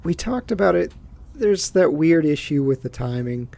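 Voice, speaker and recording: A man's voice: on the high side, animated, normal speed, vocal fry, mellow. A man co-hosting a casual movie podcast, making brief, dry remarks. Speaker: podcast co-host.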